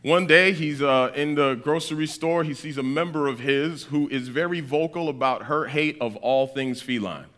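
A man preaching in a storytelling style, animated, checking in with his listeners again and again. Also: fairly high pitch, moderate pace, few pauses. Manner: animated, keeps checking in with "right?". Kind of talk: storytelling sermon.

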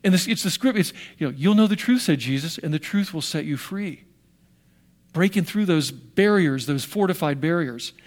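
An older American man preaching a sermon, telling stories animatedly with restarts and sound effects. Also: on the high side. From United States. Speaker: pastor.

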